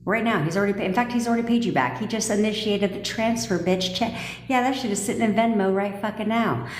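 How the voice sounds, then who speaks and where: A woman's voice: medium pitch, fast talker, a little hiss or hum. A woman coaching viewers on a live stream, blunt, profane and commanding, joking with her audience. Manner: laughs and jokes with viewers. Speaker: manifestation coach. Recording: echoey room with long reverb.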